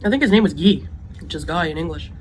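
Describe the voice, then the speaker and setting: A woman's voice: on the low side, expressive, fast talker, darkish tone, slight background noise, low-quality recording. A woman hosting an eating show, chatting about her meal and savoring each bite. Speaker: mukbang host.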